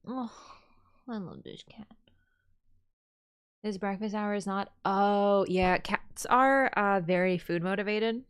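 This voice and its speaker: A woman's voice: medium pitch, takes it slowly, long pauses, clear, resonant tone. Woman streamer cooing over her cat. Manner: coos and baby-talks to her cat, drifting between soft and bright. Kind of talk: casual livestream chat.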